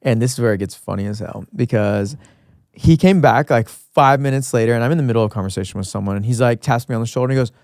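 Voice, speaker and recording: A man's voice: mid-range voice, fast, a little mellow, no echo, studio quality. A young man co-hosting a podcast, telling a story in casual chat and acting out other people's lines. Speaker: podcast co-host.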